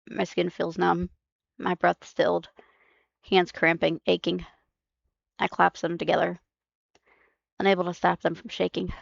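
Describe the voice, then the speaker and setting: A woman reading a dark first-person story aloud on a stream, intense and halting, with restarts. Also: lowish voice, creaky, no room sound, muffled recording. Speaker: reader. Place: home streaming setup. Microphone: streaming mic.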